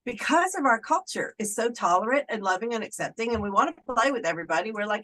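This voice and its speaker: A woman's voice: fairly high pitch, animated, fast talker, hardly any pauses, bright, forceful tone, poor audio. Middle-aged woman, casual interview guest, chatty, acts out quotes playfully. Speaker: Wiccan clergy guest.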